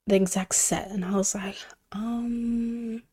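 A young podcast host tells a casual storytime in a soft, mellow, middle-pitched voice at a moderate pace. She's loose and chatty, packing her sentences with "like" and sometimes dropping to a whisper.

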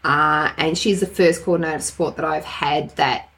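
A woman's voice: low-pitched, normal speed, gravelly, a little hiss or hum. A middle-aged Australian woman co-hosting a casual podcast chat, telling candid stories and acting out the dialogue in them. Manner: candid storytelling with animated quoted dialogue. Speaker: podcast co-host.

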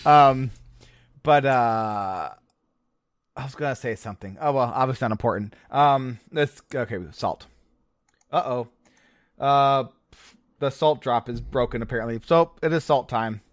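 A man's voice: mid-range voice, a little slow, pauses often, no echo. Dry-sounding casual podcast host, a man. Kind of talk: casual chat, running segments.

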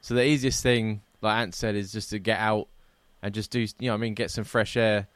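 A man's voice: on the low side, steady tone, brisk, a bit bright, smooth, no echo. A British man hosting a casual podcast, chatty and laughing often, reading out listener emails. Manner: chatty, laughs often, says "you know what I mean". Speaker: podcast host.

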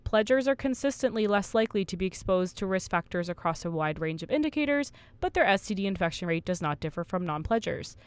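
A woman's voice: mid-range voice, lively intonation, fast talker, few pauses, clear, resonant tone, no room sound. A woman in her twenties co-hosting a casual podcast, reading study findings aloud and laughing at her own slips. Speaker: podcast co-host.

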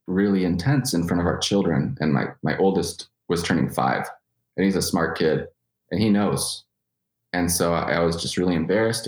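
Low-voiced man telling a candid story. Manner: candid, profane, halting restarts. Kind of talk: personal storytelling. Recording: roomy echo.

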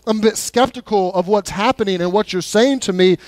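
A man's voice: high voice, a little fast, no echo, close to an everyday voice. A man voicing a skeptical young woman in casual modern speech. She is hesitant and stumbles over her words. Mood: puzzled.

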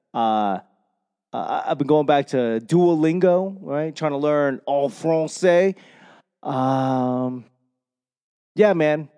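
Boston guy, slow unhurried delivery, smooth voice, long reverb around him, casual rambling monologue. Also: mid-range voice, a little mellow. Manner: rambling, self-deprecating, swears freely. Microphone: microphone.

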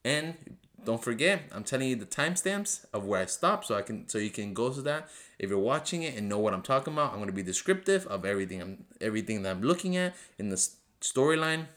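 A man's voice: mid-range voice, big pitch swings, fast, a bit bright. A man hosting his own podcast, talking off the cuff in a rambling, earnest way that repeats itself, speaking English as a second language. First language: not English. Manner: earnest, pleading, repeats himself. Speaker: podcast host. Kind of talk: casual solo podcast review.

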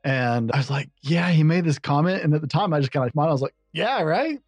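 A man's voice: fairly high pitch, quick pace, a little mellow, dry recording, soft background music. A man hosting a podcast, talking casually in a chatty, self-deprecating way. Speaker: podcast host. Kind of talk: casual conversational interview.

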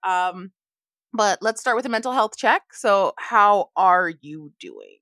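A woman's voice: medium pitch, animated, takes it slowly, fairly bright tone, no echo, clean studio sound. Tired, laughing young woman podcast co-host. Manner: laughs often, tired and chatty. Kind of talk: casual chat.

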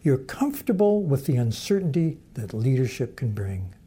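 A man gives a calm, explanatory lecture with a mellow, relaxed tone. His voice carries a faint huskiness, and he speaks at a middle pitch. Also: breathy edge. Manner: measured, explanatory. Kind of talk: lecture with storytelling.

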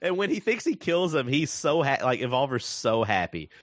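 A man in casual chat recapping a movie, animated and laughing often as he acts out lines. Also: mid-range voice, moderate pace, dry recording.

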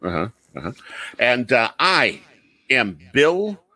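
A man's voice: medium pitch, big pitch swings, slow pace, pushed and bright, no room sound. A man from the Cincinnati area hosting a podcast in casual chat, teasing his co-host with easy banter and many filler words. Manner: friendly, ribbing banter with frequent fillers.

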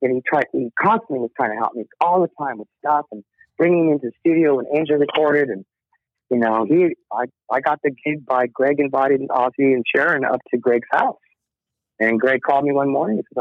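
A man's voice: mid-range voice, fairly quick, no room sound. A middle-aged man, a rock musician guest, telling stories in a casual interview, acting out quotes and laughing often. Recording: tinny dry phone line.

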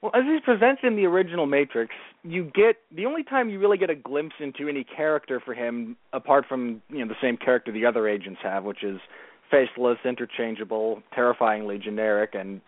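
A man guesting on a casual movie chat podcast, speaking in a measured, articulate, considered way. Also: medium pitch, dry recording. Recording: tinny phone-like dry sound.

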